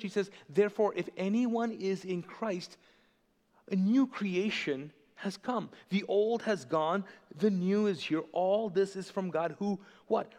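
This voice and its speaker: A male pastor preaching a sermon with passion, often pausing to ask the congregation to call out the next word. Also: sits high, darkish tone. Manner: impassioned, asks the congregation to fill in words. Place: church sanctuary. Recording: long hall reverb.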